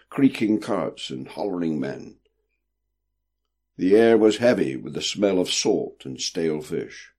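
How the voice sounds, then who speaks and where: A man reading a story aloud in an expressive, vivid narrating style. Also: sits low, breathy edge.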